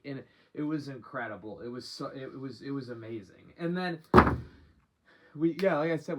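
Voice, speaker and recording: A man's voice: medium pitch, slight background noise. Slangy young man telling a story. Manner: slangy, rambling, cusses freely. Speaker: vlogger. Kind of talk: casual storytime monologue.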